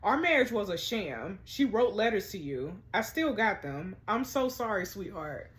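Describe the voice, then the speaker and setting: A woman voicing a regretful middle-aged father who speaks gently and apologetically, reading game dialogue aloud in a soft, low, subdued way. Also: big pitch swings, unhurried. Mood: remorseful.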